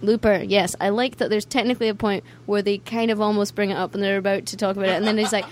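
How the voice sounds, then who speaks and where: A woman's voice: medium pitch, fairly even intonation, rapid-fire, few pauses. A young woman with a Scottish accent, a band member chatting casually in an interview, laughing often and acting out quoted voices.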